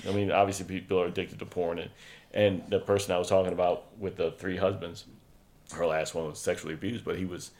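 A man's voice: low voice, level tone, fast talker. Blunt, profane man telling a story. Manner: blunt, profane storyteller, quotes himself loudly. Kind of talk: casual frank chat.

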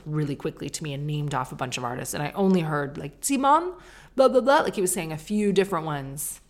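A middle-aged woman hosting a podcast, rambling through a self-deprecating, stream-of-consciousness monologue with casual swearing. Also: lowish voice. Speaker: podcast host.

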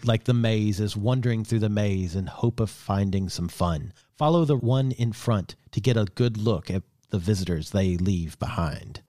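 Low-voiced man chatting, joking. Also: normal speed, hardly any pauses, dry recording, studio quality. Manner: animated, joking, trailing restarts. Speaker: podcast co-host. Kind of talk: casual chat.

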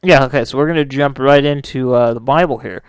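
A man's voice: mid-range voice, a little fast, clear, resonant tone, dry recording. A man hosting a casual podcast, rambling and joking with lots of fillers. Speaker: podcast host.

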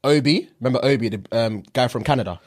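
A man's voice: mid-range voice, quick pace. A man, co-hosting a casual podcast chat, slangy and laughing along. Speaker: podcast co-host.

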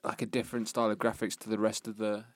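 A man's voice: lowish voice, completely flat delivery, fast. A man on a casual gaming podcast, hesitant, chiming in with short remarks. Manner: hesitant, chimes in with short agreements. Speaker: podcast co-host. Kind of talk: casual chat.

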